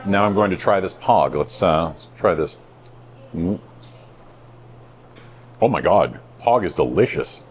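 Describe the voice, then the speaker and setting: A man in his thirties hosting a casual food review vlog, playful and self-mocking with deadpan jokes. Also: low-pitched, unhurried, pauses often, breathy edge. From United States. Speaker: host.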